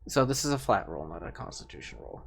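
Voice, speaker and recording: A man's voice: medium pitch, sing-song, fast, creaky, a little hiss or hum. A man narrating as game master of a tabletop game, rambling with lots of fillers and laughs.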